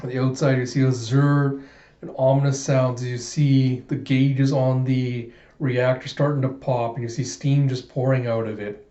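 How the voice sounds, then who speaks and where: Mellow-voiced man retelling a comic with laughter; dull, roomy home recording. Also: medium pitch, normal speed. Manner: animated retelling, laughing often. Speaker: channel host. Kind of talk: comic book readthrough. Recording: muffled echoey room.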